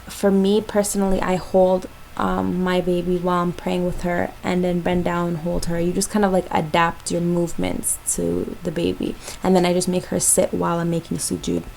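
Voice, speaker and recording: A woman's voice: on the low side, little pitch movement, normal speed, creaky, hardly any pauses, a little mellow, slight background noise, rough recording. A young woman from Jamaica, a mother, giving parenting tips in a casual, chatty vlog with lots of ums and likes.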